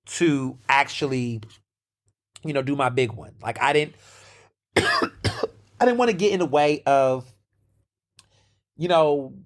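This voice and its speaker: A young American man talks casually at an ordinary middle pitch. He rambles through a story with fillers, restarts and sassy asides. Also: a bit bright. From United States. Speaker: podcast host.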